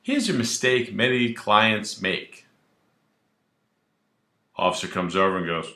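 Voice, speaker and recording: A man who is a criminal defense attorney, explaining the law straight to camera in a brash, animated way and acting out little scenes. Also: low voice, normal speed, pauses often, roomy sound. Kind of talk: direct-to-camera legal explainer.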